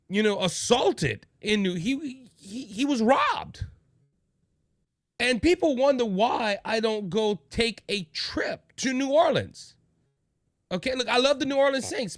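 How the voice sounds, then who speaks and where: Animated man hosting a political stream. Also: sits high, no room sound, studio quality. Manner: rambling, repeats himself and restarts; reads comments aloud. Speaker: podcast host. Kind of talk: casual political talk show.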